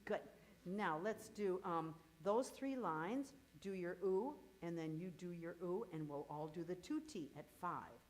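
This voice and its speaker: A middle-aged woman leading a choir rehearsal. She counts beats, sings cues to demonstrate, and coaches the singers briskly with encouragement. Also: on the low side, animated, low-quality recording. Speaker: choir director.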